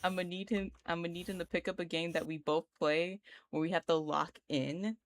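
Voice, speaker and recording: A woman's voice: on the low side, steady tone, moderate pace. A woman, chatting casually and giggling as she draws on a live art stream. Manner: giggly, rambling, slangy. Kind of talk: casual chat while drawing live.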